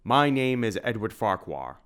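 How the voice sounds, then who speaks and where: Gruff, growling burly shopkeeper, put on by a male reader; formal, wary. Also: on the low side, big pitch swings, normal speed, fairly bright tone. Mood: hearty.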